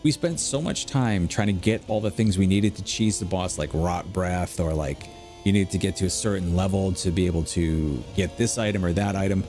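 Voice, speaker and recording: Middle aged guy, low voice, rambly gameplay chat, faint music behind. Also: moderate pace, mellow. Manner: rambling storyteller, lots of fillers. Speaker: gameplay streamer. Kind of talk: casual gameplay commentary. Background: faint background music.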